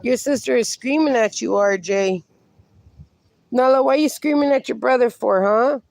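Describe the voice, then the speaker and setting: Middle-aged male streamer, fry-edged voice, warm and rambling, backyard phone stream with dogs. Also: extremely high pitch, moderate pace, no room sound. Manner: affectionate, rambling, chatty. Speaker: livestreamer. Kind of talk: casual livestream chat, reading viewer comments aloud. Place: outdoors in a backyard at night.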